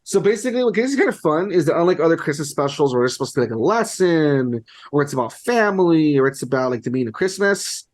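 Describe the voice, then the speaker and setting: A man's voice: a little high, sing-song, fast talker, few pauses. A young man co-hosting a podcast in casual chat, rambling, amused and full of "like". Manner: rambling, heavy use of "like", amused. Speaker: podcast co-host.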